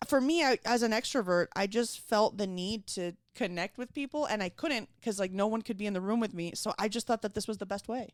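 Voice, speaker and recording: A woman comedian in her thirties, chatting on a podcast and telling animated, profane stories, acting out the people in them. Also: medium pitch, a little fast, hardly any pauses, no echo. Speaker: comedian guest. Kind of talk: casual podcast chat, storytelling.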